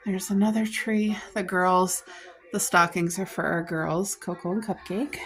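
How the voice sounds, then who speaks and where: A woman's voice: fairly low pitch, steady tone, unhurried, a bit bright. A middle-aged woman from Canada chatting casually through a home vlog, homey and talkative, with little apologetic asides. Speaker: vlogger.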